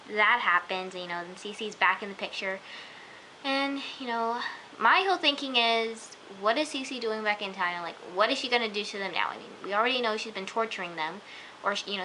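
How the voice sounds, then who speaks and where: A woman's voice: a little high, bright, forceful tone, low-quality recording. A young woman reviewing a TV episode in a casual, rambling chat full of fillers. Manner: chatty and rambling, many fillers. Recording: faint hiss.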